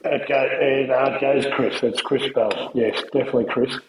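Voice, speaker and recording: A man's voice: mid-range voice, steady tone, moderate pace. A middle-aged man with an Australian accent, a podcast guest telling stories in casual chat, laughing often. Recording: echoey room with noise.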